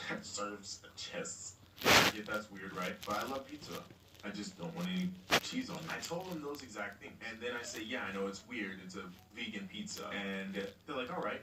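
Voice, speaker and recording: A man's voice: lowish voice, expressive, moderate pace. A young man telling a rambling, profane story in a casual vlog. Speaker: vlogger. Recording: roomy echo, far from mic, noisy.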